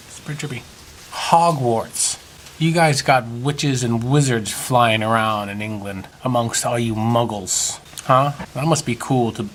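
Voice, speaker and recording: A man's voice: medium pitch, a bit bright, slight background noise. A man giving a rambling, profane video response, now and then slipping into mock British voices. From United States. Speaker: vlogger.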